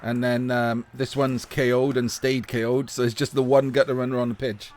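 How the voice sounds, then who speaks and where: A male esports commentator calling a match live in a loose, chatty way. He laughs often and swears without a second thought. His mid-pitched voice is getting a little hoarse. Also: level tone, moderate pace, a little mellow. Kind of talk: casual live video game commentary.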